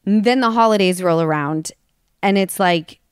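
A woman's voice: fairly low pitch, a little slow, clean tone, no room sound, clean studio sound. A woman hosting a podcast in casual, candid chat, open and emotional, laughing often. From Los Angeles. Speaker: podcast host.

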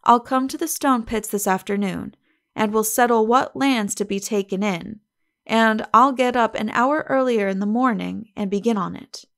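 A woman's voice: a little high, normal speed, creaky. A woman plays a keen young country gardener, earnest and obliging, full of plain rustic talk. He is heard in an audiobook reading.

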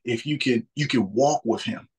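A man in his thirties talks about faith in a casual, earnest way, his husky voice at an ordinary middle pitch and a moderate pace. He often restarts and repeats words while working through his thoughts.

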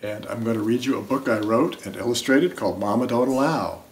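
A man reading aloud his own children's picture book, slowly and expressively, slipping into the characters' lines. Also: mid-range voice, slight background noise. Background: saxophone music.

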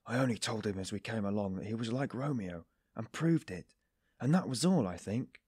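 A guarded young man speaks with put-on embarrassment and an uneasy edge, as a male audiobook narrator acts him out. The voice is low and the recording close and dry. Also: lively intonation, normal speed, a little mellow, slightly rough, no echo. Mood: feigned embarrassment. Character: guarded, tense young man, secretly scheming.

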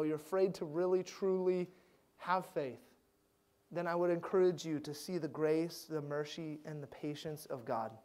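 A male pastor giving a sermon, swinging between loud emphatic lines and hushed, gentle ones. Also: fairly high pitch.

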